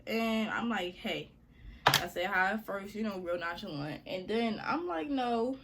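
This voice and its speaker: A woman's voice: medium pitch, animated, normal speed, background noise. Young woman doing a storytime vlog, slangy and chatty, talks right to her viewers, medium voice. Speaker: storytime vlogger.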